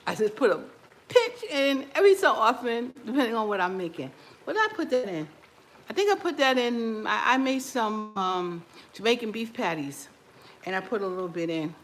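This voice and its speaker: A woman's voice: fairly high pitch, sing-song, normal speed. A woman chatting casually to her viewers in her home kitchen while tasting food, talking with her mouth full and laughing often. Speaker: cooking vlogger.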